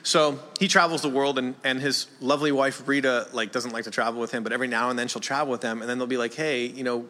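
A man's voice: medium pitch, little pitch movement, fast, hardly any pauses, sharp tone, a little hiss or hum. A man from a small town in Canada doing a stand-up comedy set, rambling and conversational, often asking the room questions. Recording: long hall reverb.

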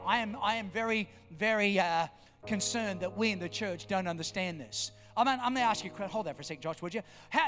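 A man's voice: high-pitched, fairly bright tone. A man preaching a sermon, emphatic and repetitive, firing questions at his congregation. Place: church hall. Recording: long hall reverb, faint music.

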